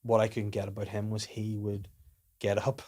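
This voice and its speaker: A man's voice: lowish voice, monotone, normal speed, darkish tone. A middle-aged man hosting a podcast, telling rambling, jokey stories in casual comedy chat. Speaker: podcast host.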